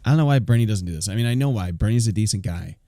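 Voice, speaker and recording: A man's voice: fairly low pitch, animated, rapid-fire, mellow, no room sound, clean studio sound. Incredulous laughing streamer man. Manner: incredulous, laughs often, swears. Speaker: live streamer. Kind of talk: live stream reaction commentary.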